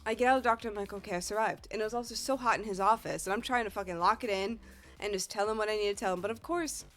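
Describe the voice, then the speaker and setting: A woman's voice: medium pitch, rapid-fire, soft background music. A woman with a Northeast American accent, a streamer telling a rambling, profane story in casual chat. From Northeast United States.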